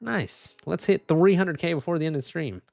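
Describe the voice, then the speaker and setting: A man's voice: a little high, normal speed, vocal fry, a little mellow, dry recording. A young man streaming live, making casual commentary as he reads posts and keeps laughing and saying "dude". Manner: laughing, mocking, says dude a lot.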